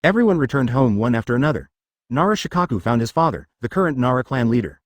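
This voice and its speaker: A man reading a translated anime fan fiction aloud in a flat, literal way. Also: medium pitch, fast, no room sound. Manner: flat, literal delivery that reads symbols aloud. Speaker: narrator.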